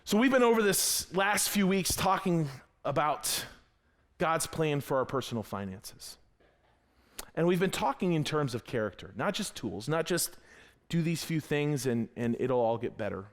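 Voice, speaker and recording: A man preaching a sermon in a church, telling a personal story with lively quoted dialogue in a conversational way. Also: medium pitch. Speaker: pastor. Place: church sanctuary.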